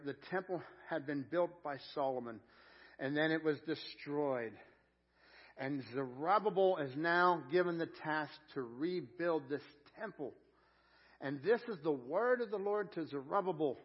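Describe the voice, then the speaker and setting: A man's voice: fairly high pitch, moderate pace. Man preaching with energy, lo-fi audio. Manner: energetic preaching that rises to loud emphatic peaks, with frequent repeated words. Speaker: pastor. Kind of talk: sermon. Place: church sanctuary.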